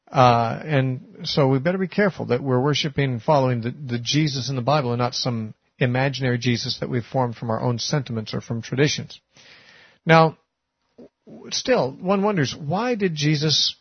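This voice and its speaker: A man's voice: medium pitch, breathy edge, dry recording. A man giving a sermon-style Bible teaching, talking conversationally with frequent "uh" and "you know". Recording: muffled, lo-fi recording.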